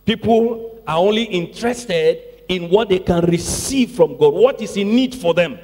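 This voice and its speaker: A man's voice: high-pitched, lively intonation, a little slow, warm tone. A man preaching a sermon as pastor to his congregation, stressing key words and repeating phrases with call-outs to the room. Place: church sanctuary. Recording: long church reverb.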